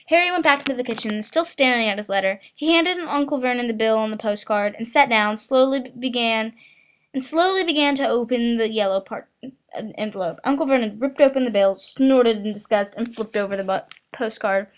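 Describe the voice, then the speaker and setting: Woman reading a novel aloud haltingly. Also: a little high, smooth, rough recording. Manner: halting, frequent stumbles and restarts. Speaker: reader.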